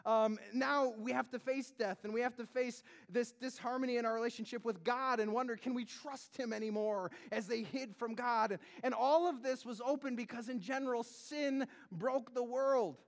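High-voiced man preaching casually. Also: moderate pace, hardly any pauses. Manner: conversational, peppered with "like" and "right?"; swings between loud emphasis and hushed tones. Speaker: pastor. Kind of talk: sermon.

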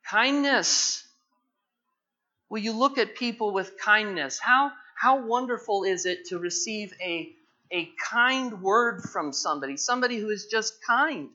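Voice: medium pitch, bright, forceful tone, dull audio. A pastor preaching a sermon with passion, pressing the point with repeated rhetorical questions.

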